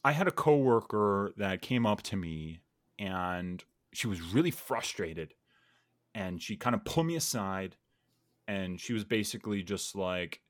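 A man's voice: lowish voice, expressive, a little slow, no room sound, studio quality. A man in casual podcast conversation, reflective and earnest, thinking aloud with many fillers. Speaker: podcast guest or host.

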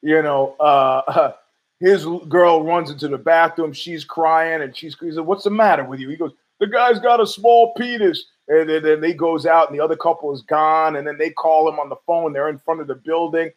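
A man rambles through a casual podcast monologue in a fairly high voice. He swears freely and keeps talking back to himself. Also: little pitch movement, normal speed, muffled recording. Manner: rambling, profane, argues with himself. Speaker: podcast host.

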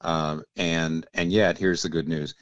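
Very low male voice, dry close sound; a thoughtful theologian who lectures gently while being interviewed. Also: little pitch movement, dry recording, highs cut off. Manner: measured, teacherly, often drops to a quiet aside. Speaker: theologian guest. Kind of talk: explanatory interview talk.

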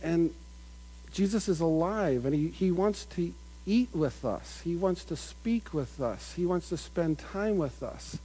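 A middle-aged man preaching a sermon in an earnest manner, building to loud emphatic peaks and dropping to quiet asides. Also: fairly high pitch, animated, a little slow, slightly rough, rough recording. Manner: earnest, builds up with rising emphasis, mimics crowd voices.

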